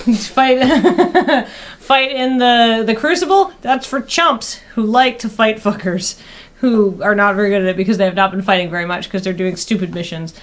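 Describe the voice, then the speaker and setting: A woman co-hosting a casual stream, improvising jokey mock infomercial pitches and laughing often. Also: moderate pace. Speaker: stream co-host doing mock ads.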